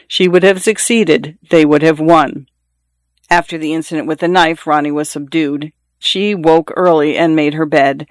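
An audiobook narrator reading literary fiction in a measured, even storytelling voice. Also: mid-range voice, no echo, clean studio sound.

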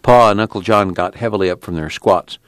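A man narrating an audiobook in an even, measured way. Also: lowish voice, no room sound. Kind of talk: audiobook reading.

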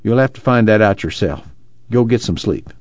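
A man voicing a calm, steady camp watchman. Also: on the low side, normal speed, dry recording, muffled recording, lightly acted. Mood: firm.

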